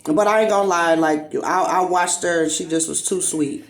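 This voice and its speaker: A woman's voice: lowish voice, moderate pace, soft background music. A woman, hosting a casual commentary monologue, blunt and profane, acting out quotes as she tells stories. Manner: blunt, profane, animated storytelling with acted-out quotes. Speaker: commentary host.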